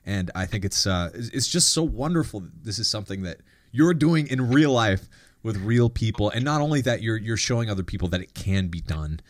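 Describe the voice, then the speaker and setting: A man's voice: on the low side, expressive, a little fast, no room sound. Reflective man hosting, dry sound. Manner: reflective, thoughtful, with restarts. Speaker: podcast host. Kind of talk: conversational interview.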